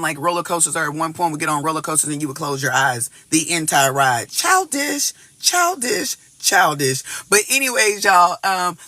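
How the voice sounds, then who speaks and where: A man giving a casual collective tarot reading, talking in an animated way, cursing freely and repeating words as he goes. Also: fairly high pitch, no room sound. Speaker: tarot reader.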